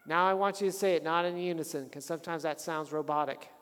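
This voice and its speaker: A man preaching a sermon as a pastor, animated and calling the congregation to say lines back to him. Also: fairly high pitch, quick pace, clean tone. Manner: animated, calls the congregation to respond. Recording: long hall reverb.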